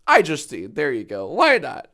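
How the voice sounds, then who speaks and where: A man's voice: fairly high pitch, wildly swooping pitch, slow pace, gravelly, sharp tone. A man chatting casually on a livestream, joking and riffing on messages from chat. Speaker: streamer.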